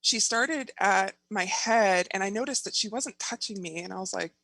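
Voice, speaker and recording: A woman guest telling a personal story in casual conversation, animated and laughing often as she acts out her own thoughts. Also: medium pitch, normal speed, gravelly, dry recording.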